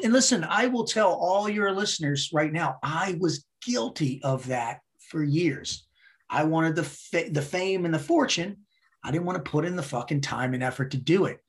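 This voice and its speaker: A man appears as a podcast guest in casual interview talk, blunt and heavily profane, hammering his points home by repeating words for effect. His voice is a little high and a bit bright.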